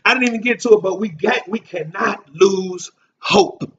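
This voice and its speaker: High-pitched preaching man, distant and muffled. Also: normal speed, vocal fry, a little hiss or hum. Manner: call-and-response preaching, shouting emphatic lines. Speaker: pastor. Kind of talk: sermon. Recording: distant mic, dull lo-fi sound.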